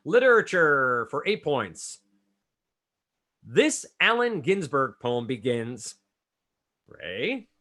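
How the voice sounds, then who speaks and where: A man hosting a trivia game, reading clues briskly and calling on players by name. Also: medium pitch, very animated, bright, forceful tone. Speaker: trivia quizmaster.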